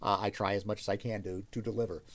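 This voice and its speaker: A man's voice: fairly low pitch, level tone, quick pace. A man hosting a livestream, chatting casually with viewers, thinking aloud and thanking them often. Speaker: livestream host reading requests aloud.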